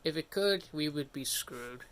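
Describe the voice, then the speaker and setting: A man's voice: on the high side, lively intonation, measured pace, a bit bright, a little hiss or hum. A man streaming live and chatting casually as he works, rambling, breaking off mid-sentence and grumbling to himself. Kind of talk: casual livestream commentary.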